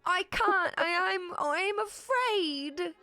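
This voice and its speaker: A woman voicing a frightened young male ghost student who is afraid of the dark and cries as he talks. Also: extremely high pitch, drawn-out words, soft background music, pitched above the performer's own voice, exaggerated voice. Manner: sobbing, timid.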